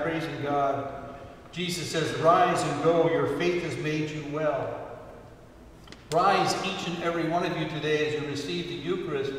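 A male priest preaching in a church, his fairly high voice caught from far off by a room mic. The sound is heavily echoey with a long hall reverb and faint ambient hiss. He speaks earnestly and unhurriedly, lifting his voice for emphasis. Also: fairly bright tone. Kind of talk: sermon. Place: church sanctuary. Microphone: distant room mic.

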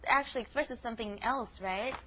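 A woman's voice: on the high side, fairly quick, fairly bright tone. A woman co-hosting a casual language lesson podcast, chatty and laughing as she explains patiently. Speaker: language teacher co-host.

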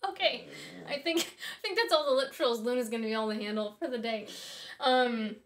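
Chatty woman voice teacher, a bit high. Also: a little fast. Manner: chatty and friendly, thinks aloud with small asides. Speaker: voice and harp teacher. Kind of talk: casual instructional talk.

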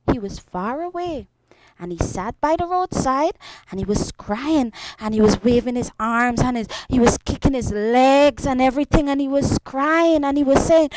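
A woman teacher telling a story to young children in a sing-song, expressive way, speaking to them directly. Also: fairly high pitch, measured pace, a little hiss or hum, poor audio.

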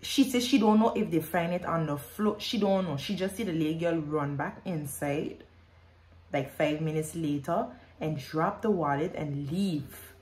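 A woman's voice: low voice, a little slow, a little mellow. A woman telling an emotional story in her vlog. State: pregnant. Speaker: vlogger.

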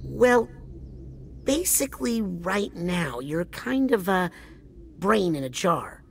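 A woman's voice: fairly low pitch, animated, takes it slowly, gravelly, a little hiss or hum, exaggerated voice. A woman voicing an earnest, polite young psychic boy in a video game, talking in a matter-of-fact, kindly way. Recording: game audio with music behind.

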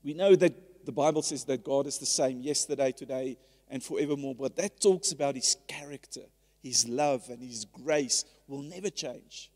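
A man's voice: medium pitch, normal speed, a little mellow. A man preaching a sermon in a church, earnest and conversational, often restarting his phrases. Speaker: pastor. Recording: church hall with long reverb.

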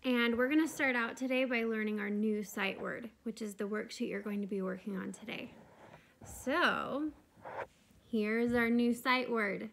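A woman kindergarten teacher talks through a video lesson for small children, with a fairly high voice. She speaks slowly and clearly, encouraging her young listeners at every step. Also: fairly even intonation, fairly bright tone, a little hiss or hum.

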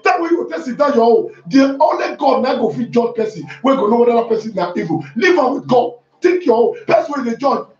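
A Nigerian man preaching a fervent sermon as pastor, shouting at times and repeating hallelujah. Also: extremely high pitch. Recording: echoey room, distant mic, dull sound.

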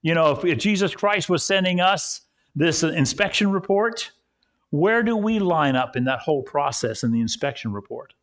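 A man's voice: fairly high pitch, animated, normal speed, a bit bright. A male pastor preaching a conversational sermon at a church service, telling stories and repeating phrases for emphasis.

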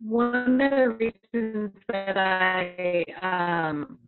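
A woman teacher chatting on a webinar call in a chatty, animated way, with a faulty microphone that sounds robotic. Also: medium pitch, drawn-out words, phone-quality sound, over music. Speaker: preschool teacher attending a webinar. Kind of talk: casual chat.

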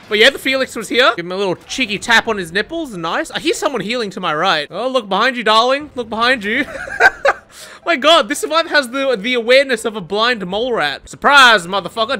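A young woman giving casual, excitable commentary over her own gameplay, swearing and laughing often. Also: medium pitch. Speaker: gaming streamer.

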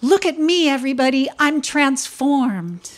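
A woman's voice: high voice, expressive, measured pace, pitched above the performer's own voice. A woman voicing an amazed storybook snake. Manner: amazed, exclaiming.

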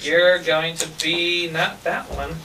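A man's voice: a little high, level tone, unhurried. A man hosting a live improv comedy game, joking and laughing as he hands out characters. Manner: joking, laughing between prompts. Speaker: improv host giving prompts. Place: theater stage with audience. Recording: distant mic, loud crowd and noise.

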